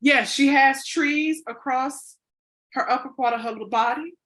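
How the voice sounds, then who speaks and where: A woman's voice: high-pitched, normal speed, a bit bright. A woman co-hosting a podcast in casual chat. She rambles playfully and corrects herself, with lots of "you know" fillers. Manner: playful and chatty. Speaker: podcast co-host.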